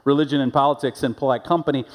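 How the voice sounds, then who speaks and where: A man's voice: medium pitch, very fast, in a large hall. A man preaching a sermon as a pastor, telling stories in a conversational way and acting out the voices of the people in them. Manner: conversational storytelling with animated quoted voices. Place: church sanctuary.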